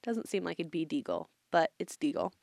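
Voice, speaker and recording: A woman's voice: lowish voice, wildly swooping pitch, brisk, vocal fry, a little mellow, dry recording, studio quality. A woman telling a story in a rambling, casual podcast chat, laughing often. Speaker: podcast co-host.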